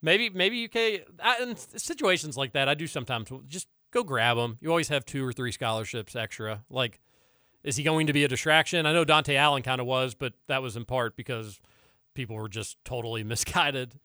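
A man co-hosts a talk radio show, quick and opinionated, often repeating words for emphasis. His voice is bright and sits at a middle pitch. The sound is close and dry. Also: no echo. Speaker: co-host of a radio sports and politics show. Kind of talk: casual talk-radio banter.

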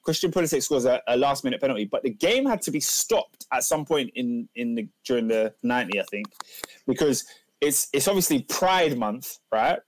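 A man in a casual football chat, rambling and excitable, often restarting sentences. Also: medium pitch, moderate pace, poor audio.

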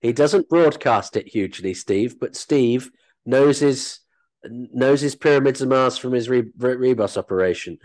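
A man who works as an actor and comedian, telling animated, self-deprecating anecdotes as an interview guest. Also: mid-range voice, unhurried.

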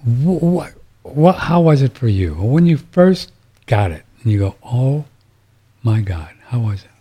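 A man hosts a casual talk radio show, rambling along with plenty of fillers and restarts. His voice is mellow and dark at a middle pitch. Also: very animated, a little slow, slightly rough.

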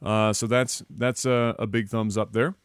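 A man's voice: on the low side, flat delivery, unhurried, smooth, no echo, clean studio sound. A man co-hosting a gaming podcast, talking casually, rambling and swearing freely as he tells stories. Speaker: podcast co-host. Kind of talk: casual chat.

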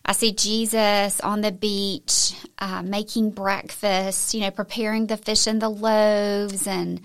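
A woman co-hosting a faith podcast, with a medium-pitched voice. She sounds enthusiastic and encouraging as she shares in a relaxed group chat. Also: takes it slowly, clear, resonant tone. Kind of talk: faith-based conversation.

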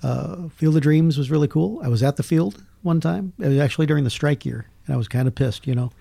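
Gravelly, dark-voiced man. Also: a little high, quick pace, no room sound. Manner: storytelling, jokey, lively asides. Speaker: podcast guest, film critic. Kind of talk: casual chat.

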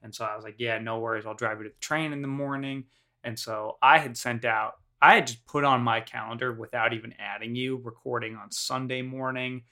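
Podcast co-host, young man, gravelly and bright, playful rambler. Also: medium pitch, fairly even intonation, fairly quick. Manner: rambling, playful, self-correcting. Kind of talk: casual chat.

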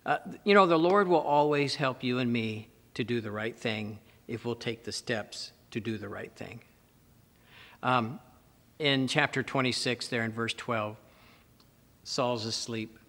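Male pastor, sermon, slow deliberate delivery, emphatic repetition, long hall reverb. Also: medium pitch, fairly bright tone. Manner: emphatic, repeats words for stress.

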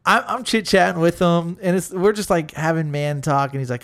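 A man's voice: a little high, normal speed, gravelly, few pauses. A man casually telling a long story on a podcast, swearing freely and acting out what his friends said. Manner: animated, profane, acts out what friends said. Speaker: podcast co-host.

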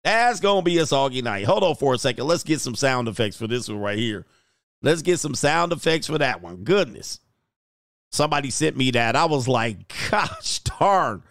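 A man with a rough, gravelly voice riffs through casual reaction commentary, slangy and full of loud exclamations. His pitch leaps and dips constantly as he talks. He sounds close and dry, with no room around him. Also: expressive, normal speed, no echo. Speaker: YouTube commentator.

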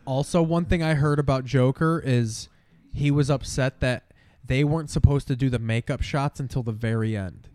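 A man's voice: mid-range voice, normal speed, darkish tone, dry recording. Blunt, crude-talking man. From Nicaragua. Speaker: viewer commenting on a TV broadcast. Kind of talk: casual chat.

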